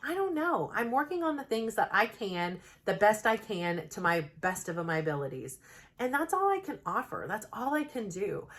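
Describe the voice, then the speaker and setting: A woman's voice: medium pitch, big pitch swings, moderate pace, fairly bright tone. Earnest woman vlogging, chatty and heartfelt. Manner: earnest, heartfelt, full of "like" fillers. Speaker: self-help vlogger, mother. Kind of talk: rambling to-camera vlog monologue. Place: home, new plain backdrop.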